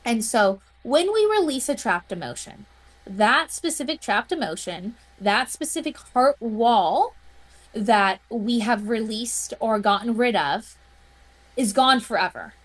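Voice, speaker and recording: A woman's voice: fairly high pitch, lively intonation, measured pace. A woman guest on a podcast, telling a personal story in an earnest, heartfelt way. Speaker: interview guest, healing practitioner.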